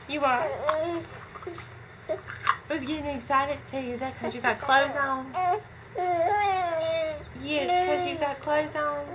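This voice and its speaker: A mother coaxing her baby in slow, sing-song baby talk at home. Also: high voice. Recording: noisy home video.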